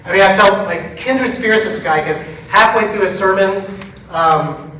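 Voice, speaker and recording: A man, a pastor, telling stories in a casual talk to a church forum, acting out the dialogue with lively quoted voices. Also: high voice, normal speed, slight background noise. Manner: chatty storytelling, animated quoted dialogue. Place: church meeting room. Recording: echoey room, mic at a distance.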